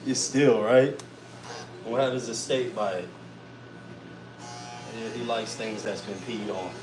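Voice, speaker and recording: Speaking slowly in a lowish voice, a podcast host shares casual stories packed with swearing, animatedly acting out his own shouting. Music plays in the background of the rough, reverberant recording.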